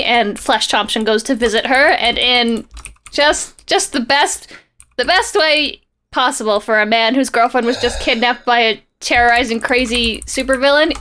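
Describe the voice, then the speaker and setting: A woman's voice: on the high side, sharp tone. A young woman co-hosting a podcast, chatting casually and sarcastically while recapping a comic, laughing often. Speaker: podcast co-host.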